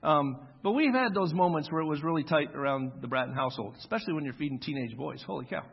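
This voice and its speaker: A husky man in his forties preaches a sermon in a relaxed, chatty storytelling style, and his voice sits a little high. The sound is dull and lo-fi, with a long echo from a church hall. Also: quick pace. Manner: conversational storytelling, acts out quoted voices. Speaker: pastor.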